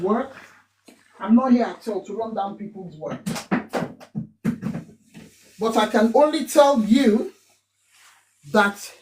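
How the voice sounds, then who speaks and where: A woman's voice: mid-range voice, a little mellow. A woman with a Nigerian accent hosting a live stream, speaking emphatically and repeating her points. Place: home in Manchester.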